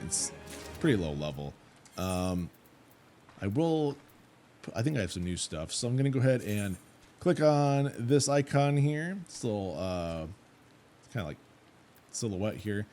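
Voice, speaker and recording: Low-voiced man casually narrating gameplay. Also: slight background noise. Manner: relaxed, thinking aloud with fillers. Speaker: let's play host.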